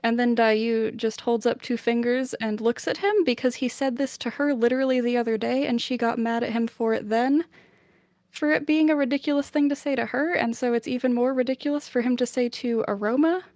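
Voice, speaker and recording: Chatty higher-voiced woman, dry sound. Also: fairly quick, no room sound. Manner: chatty, lots of "like", animated summarising. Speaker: book club podcast member. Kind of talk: casual retelling of a novel chapter.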